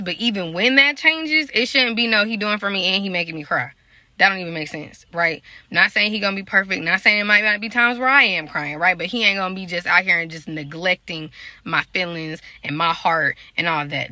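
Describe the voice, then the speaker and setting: Chatty woman with a bright, dry voice. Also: lowish voice, brisk, no room sound. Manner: talks in a loose, conversational way, addressing viewers directly. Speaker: prophetic dreamer and life coach. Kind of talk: casual spiritual vlog talk.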